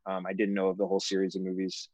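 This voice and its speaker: A man's voice: low-pitched, completely flat delivery, very fast, a little mellow, dry recording. A man co-hosting a podcast in casual chat, hesitant with many ums. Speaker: podcast co-host.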